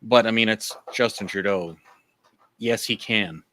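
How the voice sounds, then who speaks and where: A man's voice: on the low side, unhurried, fairly bright tone, slight background noise. A man from Canada chatting on a livestream, telling blunt, profane stories. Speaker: livestream guest. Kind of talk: casual chat.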